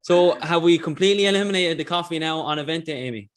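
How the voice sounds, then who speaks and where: A man hosting a podcast, asking interview questions in a halting way with many "um"s. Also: a little high. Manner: halting, with frequent "um"s. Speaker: podcast host.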